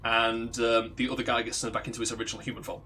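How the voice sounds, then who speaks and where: A man's voice: mid-range voice, level tone, racing, bright, forceful tone. A man, a let's play streamer, casually telling a rambling, profane story while gaming and laughing at his own jokes.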